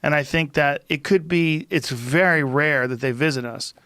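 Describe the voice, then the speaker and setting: A man's voice: a little high, moderate pace, sharp tone, smooth, no echo. A middle-aged man hosting a podcast in a studio, talking bluntly with profanity in casual chat. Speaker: podcast host. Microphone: studio microphone.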